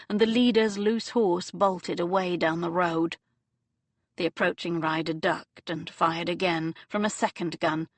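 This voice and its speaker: A woman reading an audiobook novel in measured, dramatic storytelling narration on a close studio mic. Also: fairly low pitch, no room sound.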